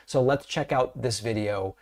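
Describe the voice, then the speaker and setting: A man's voice: medium pitch, measured pace, a little mellow. A man giving indignant online news commentary, stressing his points emphatically.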